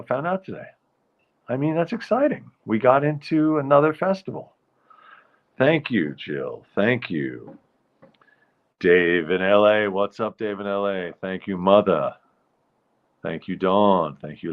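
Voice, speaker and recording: A man whose voice sits on the low side hosts a nightly live show of his own, chatting loosely, rambling, and interrupting himself as he names viewers in greeting. The recording's highs are cut off.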